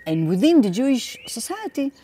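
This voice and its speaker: Earnest Israeli woman in her fifties, halting. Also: sits high, big pitch swings, mellow, slight background noise. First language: Hebrew. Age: 50s. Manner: earnest, halting, many restarts and repeats. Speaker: activist interviewee. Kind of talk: interview answer. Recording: voice a bit far from the mic.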